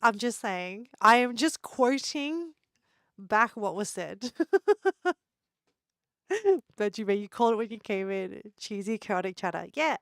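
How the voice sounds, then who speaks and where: A woman's voice: mid-range voice, lively intonation, slow pace, pauses often, a bit bright, dry recording, clean studio sound. A woman live streamer chatting casually with her viewers, giggling a lot and playfully teasing them.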